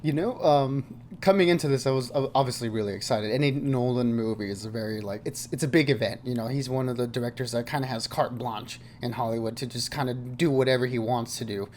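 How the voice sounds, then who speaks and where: Young male co-host, mid-pitched, measured and reflective, light background noise. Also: darkish tone. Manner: thoughtful, measured, lots of "you know" and repeats. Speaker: film review co-host. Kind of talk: casual film review chat.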